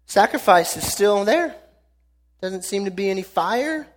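A man voicing a calm, mocking prophet who teases slowly and dryly. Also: high-pitched. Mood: lazy mockery. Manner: slow, laid-back teasing. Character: calm, mocking old prophet, dry and sarcastic.

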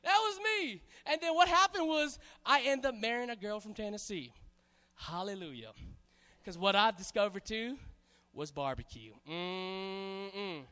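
Man, pastor from hawaii, sermon, playful, animated, crowd call-outs, bright tone, hall echo. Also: extremely high pitch, moderate pace, hardly any pauses. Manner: animated, playful, calls on the congregation. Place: church hall. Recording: hall reverb.

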